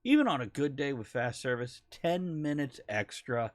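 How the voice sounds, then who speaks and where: A man's voice: medium pitch, sing-song, normal speed, no echo. Male podcast host, casual and profane, chuckles often, dry studio sound. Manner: profane, laughs while reading. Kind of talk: casual chat.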